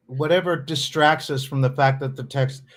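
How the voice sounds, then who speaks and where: A man's voice: mid-range voice, steady tone, unhurried, fairly bright tone. Man, streamer, profane, sarcastic, casual commentary. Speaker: streamer host.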